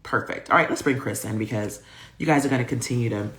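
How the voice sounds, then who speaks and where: A woman's voice: rumbling low, fast, a bit bright, a little hiss or hum. A woman hosting a livestream show, hyped and playful as she greets viewers and reads out their comments over a video call. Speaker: host.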